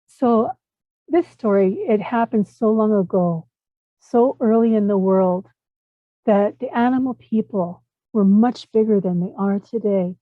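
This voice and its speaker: A woman telling a traditional animal tale aloud, lively and rising for the exciting parts. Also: medium pitch, measured pace, no room sound. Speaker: storyteller. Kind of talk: oral storytelling. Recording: tinny phone-like line.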